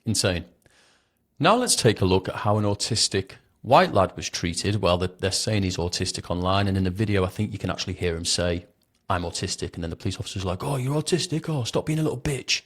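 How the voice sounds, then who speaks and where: A man's voice: low voice, fairly quick. A man hosting his own commentary show, talking in a blunt, indignant and mocking way. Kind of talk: opinionated commentary.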